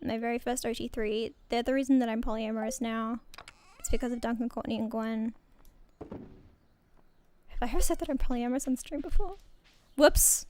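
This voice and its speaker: Australian woman, young adult, high voice, clear tone, casual game-stream chatter, giggly, rambling. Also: normal speed, pauses often, mellow. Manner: rambling, giggly, self-interrupting. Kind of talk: casual gaming stream chat.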